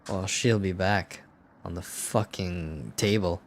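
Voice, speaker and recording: A young man playing a text game, reading its story aloud in a hushed narrating voice and breaking off into profane, laughing commentary. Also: low voice, steady tone, slow pace, a little hiss or hum. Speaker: let's play gamer.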